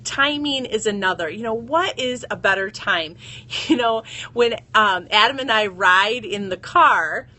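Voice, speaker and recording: A woman's voice: mid-range voice, animated, a little slow, bright, forceful tone. A woman in her thirties hosting a casual live stream from her phone, chatting with viewers, greeting them by name and laughing often.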